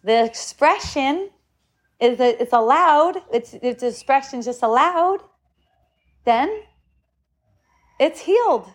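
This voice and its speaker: A woman's voice: high-pitched, expressive, slow pace, pauses often. A middle-aged woman speaks in a slightly raised voice, in a loose, rambling spiritual talk. She circles back, repeats words, and now and then acts out what others said to her.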